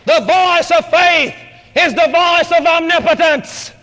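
Male preacher, high and bright, emphatic delivery, long church reverb. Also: takes it slowly, some chatter behind, slight background noise. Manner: emphatic, dramatic shifts in pitch and loudness. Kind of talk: radio sermon.

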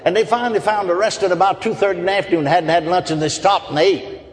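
A man's voice: high voice, steady tone, racing. A man preaching a sermon, telling folksy stories, chuckling often and asking the crowd for amens. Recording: long hall reverb.

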